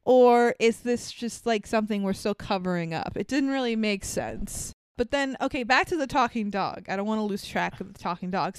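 A young woman co-hosting a podcast, chatting casually about a movie with animated, swearing reactions. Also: fairly high pitch, smooth, dry recording. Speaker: podcast co-host. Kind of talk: casual movie review chat.

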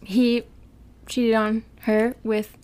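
A woman's voice: fairly high pitch, little pitch movement, a little mellow, clear, resonant tone. A woman co-hosting a podcast in casual, giggly chat, laughing often between thoughts. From United States. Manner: giggly, chatty, drawn-out delivery. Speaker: podcast co-host.

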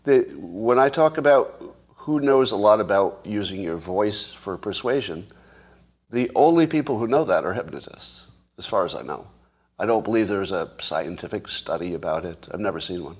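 A man aged fifty or older hosts his own show, speaking directly to viewers in a casual monologue with a slightly husky, lowish voice. Playfully boastful and given to hyperbole, he shifts on purpose between a slow, soothing calm and a quicker, worked-up delivery.

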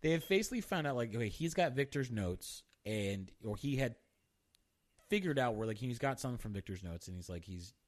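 A man's voice: medium pitch, expressive, a little fast. A man co-hosting a podcast in casual chat, rambling with lots of "you know what I mean" and filler. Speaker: podcast co-host.

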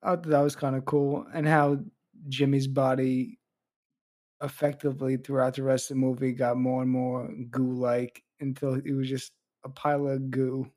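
A man's voice: mid-range voice, level tone, moderate pace, a little mellow. A man co-hosting a podcast, chatting about a movie with wry, joking asides. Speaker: podcast co-host. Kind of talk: casual chat about a movie.

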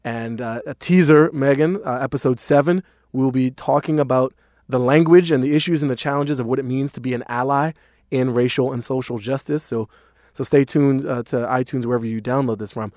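A man hosting a podcast, joking in casual chat and reading listener email in a measured way. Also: mid-range voice, steady tone, darkish tone, no echo, clean studio sound. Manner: joking, quick asides, measured when reading. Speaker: podcast host.

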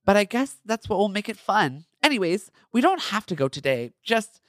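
A man's voice: high voice, very animated, normal speed, no room sound, studio quality, voice pushed up. A man reading the lines of a friendly young male actor in his own fan fiction, cheerful and easygoing. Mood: upbeat.

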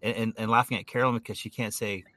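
Bright-voiced joking man co-host. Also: lowish voice, steady tone, racing, no room sound. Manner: joking, chatty, trips over his words. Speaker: podcast co-host. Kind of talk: casual chat.

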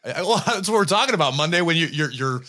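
A man's voice: a little high, expressive, fast, sharp tone. A man hosting a podcast, teasing his co-host in casual banter. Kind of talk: casual chat.

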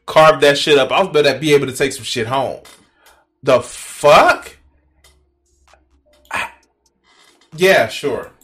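A man's voice: a little high, slow pace, long pauses, a bit bright. A man hosting a reaction video, talking in a casual, profane and incredulous way, mocking and laughing at what he watches.

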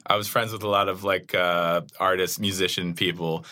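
A young man, a comedian, chatting casually and telling profane, animated stories. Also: low voice, normal speed. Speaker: comedian guest. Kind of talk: casual chat.

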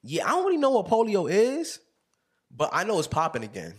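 Husky young man with lively, laughing chat. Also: high voice, brisk. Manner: laughs often, animated storytelling. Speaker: podcast host. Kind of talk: casual chat.

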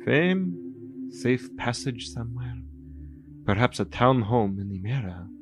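A man's voice: mid-range voice, lively intonation, takes it slowly. A man voicing a wary, formal male trader-adventurer who haggles carefully, with music behind. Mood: skeptical. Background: ambient music with singing bowl.

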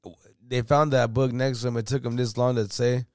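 A man's voice: medium pitch, a little fast, dry recording. Slangy male storyteller, dry close sound. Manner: animated storyteller, slangy, acts out quotes in shifting voices. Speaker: podcast co-host. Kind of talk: casual chat, storytelling.

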